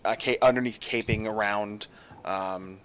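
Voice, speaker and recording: A man's voice: on the low side, steady tone, a little slow, a bit bright, a little hiss or hum. A man narrating a tabletop game as game master, describing scenes at length with many fillers.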